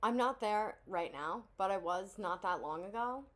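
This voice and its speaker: A woman's voice: medium pitch, animated, moderate pace. Blunt, candid woman reacting to a song. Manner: blunt, candid, profane oversharing with sighs and laughs. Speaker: reaction video host. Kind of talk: casual reaction commentary.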